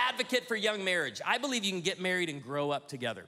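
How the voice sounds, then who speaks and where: A man in his forties doing a stand-up comedy routine on stage, telling animated stories with quick asides to the audience. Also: sits high. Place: church hall on stage. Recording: hall reverb with faint audience ambience.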